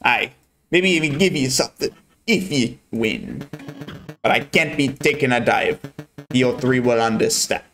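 A man voicing a gruff male game opponent with a mock Scottish accent, brusque and dismissive. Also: medium pitch, a little slow, a bit bright, faint music behind, close to an everyday voice.

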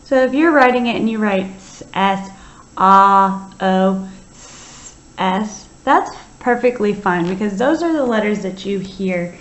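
A woman teaching young children to write, slowly sounding out letters and words one at a time in a patient, encouraging way. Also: mid-range voice, animated. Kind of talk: early-grade writing lesson. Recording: slightly dull, lo-fi sound.

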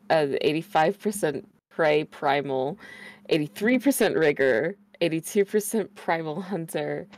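Low-voiced woman reading a list. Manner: laughs often, steady list reading with fillers. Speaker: stream guest. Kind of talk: casual group chat, reading a list aloud.

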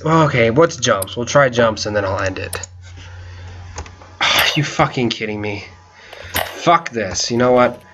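A man giving casual gameplay commentary, frustrated and swearing loudly as he plays, while feeling unwell with a headache. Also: mid-range voice, background noise. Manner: frustrated, swearing, loud outbursts. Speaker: gaming video creator.

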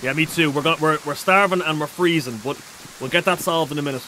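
Excitable bright-voiced male game streamer. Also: a little high, quick pace, a little hiss or hum, rough recording. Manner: excitable, reads out chat messages. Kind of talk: casual gaming livestream chat.

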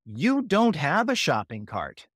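Male podcast co-host, slow-paced, expressive swings, comic exasperation. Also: fairly high pitch, no room sound. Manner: animated, exasperated, playful. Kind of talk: scripted comedy banter.

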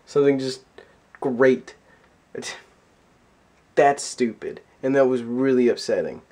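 A man ranting to camera in a comedic vlog, exasperated and profane, swinging between loud outbursts and low mutters. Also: lively intonation, takes it slowly. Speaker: vlogger.

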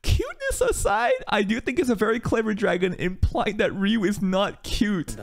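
A man's voice: high-pitched, moderate pace, vocal fry. A man reacting live to an anime as a streamer, laughing often, teasing the characters and swearing freely. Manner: teasing, mock-outraged asides. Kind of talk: casual live reaction commentary.

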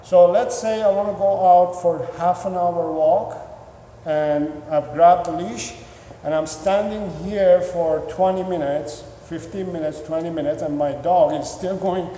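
A man's voice: high voice, measured pace, slight background noise. Dog trainer, man, echoey room. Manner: repeats words, restarts sentences, acts out excited owner voices. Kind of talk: instructional talk to viewers. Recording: echoey room with long reverb.

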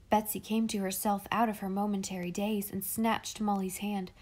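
A woman narrating a classic children's novel in a calm, measured, expressive reading voice. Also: mid-range voice. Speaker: audiobook reader. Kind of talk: storybook narration.

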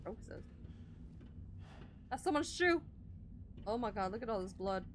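Let's-play commentary: woman streamer, easily spooked, exclaiming a lot, slightly high voice, faint background hum. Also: lively intonation, a little slow. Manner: jumpy, easily scared, exclamatory. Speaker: gaming streamer.

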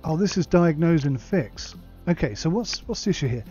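A man's voice: fairly high pitch, expressive, normal speed, dark tone, husky, lo-fi sound, faint music behind. Man muttering through a gameplay session. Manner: muttered asides while reading aloud. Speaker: gaming channel host. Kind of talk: let's play commentary.

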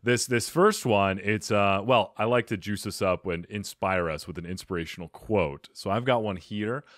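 A podcast host, male, with a lowish voice and very dry close sound. He jokes with his guest and laughs easily as he leads into the segments. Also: a bit bright, dry recording. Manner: joking, quick to laugh. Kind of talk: casual interview.

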